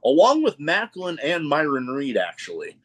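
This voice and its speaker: A man hosting a podcast, telling stories with excitement and often restarting his phrases. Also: a little high, moderate pace. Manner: excitable storyteller, repeats starts of phrases. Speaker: podcast host. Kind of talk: casual chat.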